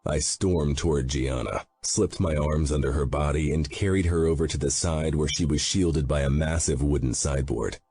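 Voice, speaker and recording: A man with an extremely low, dark, husky voice narrates an audiobook in first person. His delivery is grim and brooding, with soft music playing underneath. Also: normal speed, hardly any pauses. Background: faint background music.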